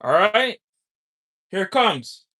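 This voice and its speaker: A man's voice: high-pitched, sing-song, slow pace, sharp tone. A man hosting a casual livestream, talking in a laid-back, repetitive way and laughing often. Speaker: livestream host.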